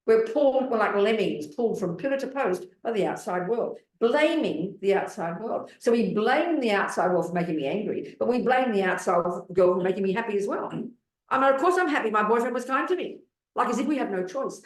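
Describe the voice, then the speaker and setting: A woman's voice: mid-range voice, expressive, a little fast, hardly any pauses, darkish tone. A woman in her seventies, a Buddhist nun giving a dharma talk in a blunt, emphatic way, pressing her listeners with rhetorical questions. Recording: roomy hall sound.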